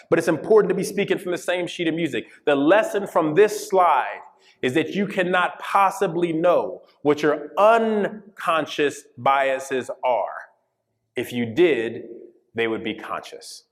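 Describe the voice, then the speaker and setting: A man's voice: fairly high pitch, lively intonation, a little slow. Emphatic man presenting in a reverberant hall. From Colorado, USA. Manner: emphatic, checks in with the audience often. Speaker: diversity workshop presenter. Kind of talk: interactive workshop presentation. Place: conference session room. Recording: long reverb of a large hall.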